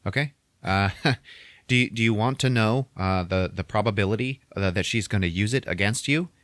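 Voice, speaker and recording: A man putting on a sarcastic robot sidekick, deep, dry, blunt complaints. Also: moderate pace, a bit bright, dry recording, close to an everyday voice.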